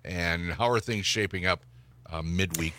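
A man's voice: deep voice, measured pace, bright, forceful tone, a little hiss or hum. A man hosting a morning radio show, easygoing and handing off to segments with short questions. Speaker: radio host. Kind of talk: casual morning radio chat.

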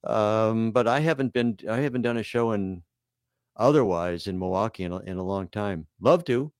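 A man's voice: on the low side, moderate pace, clear, resonant tone, no echo, clean studio sound. An older man, a comedian and musician, chatting as a guest in a self-deprecating, rambling way with many fillers. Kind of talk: casual interview chat.

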